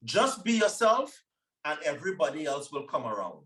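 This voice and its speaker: A man in his forties with a Trinidadian accent touched by American speech, telling stories in a confident, animated way as an interview guest. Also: fairly high pitch, moderate pace, distant mic, poor audio. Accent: Trinidadian with American influence. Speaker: guest, former Olympic sprinter. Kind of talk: casual interview talk.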